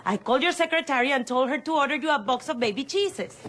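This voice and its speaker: An actress with a Latin American Spanish accent playing a fiery housewife who mangles English idioms. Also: female voice, high-pitched, lively intonation, quick pace, a bit bright. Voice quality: emphatic, fiery.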